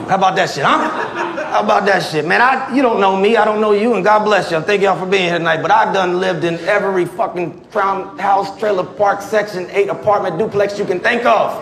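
High-voiced profane comedian in echoey club. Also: male voice, fairly quick. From Virginia, US. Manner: profane, loud bursts, laughing through punchlines. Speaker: stand-up comedian and military veteran. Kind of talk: stand-up comedy set. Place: comedy club stage before a live audience. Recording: echoey club with loud crowd laughter.

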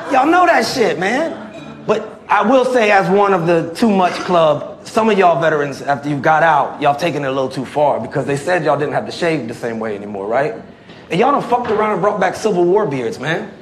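A man in his forties from Virginia doing a stand-up comedy set, brash and profane with loud outbursts. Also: sits high, animated, brisk, a little hiss or hum. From Tidewater, Virginia, USA. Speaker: stand-up comedian, military veteran. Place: comedy club stage. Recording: roomy club with audience laughter. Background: crowd laughing and clapping.

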